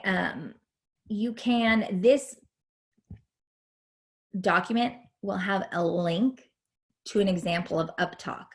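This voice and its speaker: A woman's voice: on the low side, gravelly. A woman teaching an online lecture in a chatty, hesitant way with many fillers.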